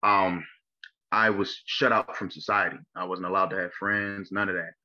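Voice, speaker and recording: A young man from Maryland telling his life story in an interview, halting and full of fillers and restarts. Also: low-pitched, steady tone, pushed and bright, lo-fi sound. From Maryland, USA. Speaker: interview guest. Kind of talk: personal testimony interview.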